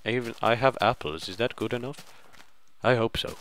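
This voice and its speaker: A man's voice: on the low side, normal speed, a bit bright, soft background music. A young man giving playful, rambling let's-play commentary, often mocking himself. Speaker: gaming video host.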